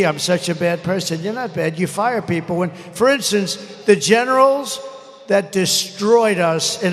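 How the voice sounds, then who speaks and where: Older man, rally speech, rambling, boastful, angry outbursts, echoing arena, faint crowd hum. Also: high voice. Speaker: politician speaking at a rally. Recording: echoey arena sound, faint crowd ambience.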